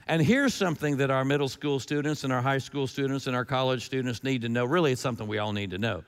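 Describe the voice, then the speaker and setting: A man with a notably high voice preaches a sermon with emphasis, driving his points home through repetition and rhetorical questions. His voice rings out with a long reverb, as if in a large hall. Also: clear, resonant tone. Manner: emphatic, repeats key lines, rhetorical questions. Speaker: pastor.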